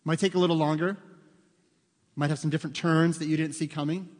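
Man doing a patient navigation voice, soft, reassuring, lower and quieter, long hall reverb. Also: steady tone, a little fast, natural voice. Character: calm, patient male navigation voice.

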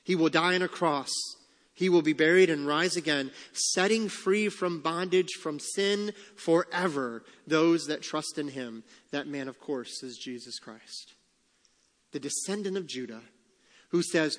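A man with a fairly high voice preaches to his congregation, reading scripture and voicing the quoted lines with animated emphasis. His voice rings with the long reverb of a church hall. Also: unhurried. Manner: expressive preaching, reads scripture aloud and acts out quotes. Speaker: pastor. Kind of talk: sermon.

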